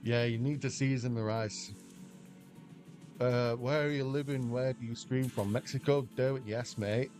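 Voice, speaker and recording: A man's voice: medium pitch, steady tone, moderate pace, a little mellow, soft background music. An English man livestreaming slots, chatting casually and rambling as he answers viewers' questions aloud. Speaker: slot livestreamer. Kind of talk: casual chat with stream viewers.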